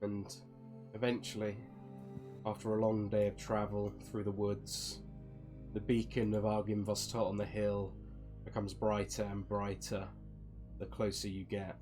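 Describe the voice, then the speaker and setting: A man's voice: on the low side, measured pace, soft background music. Man narrating as dungeon master. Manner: relaxed, descriptive with fillers. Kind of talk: narrating a tabletop game.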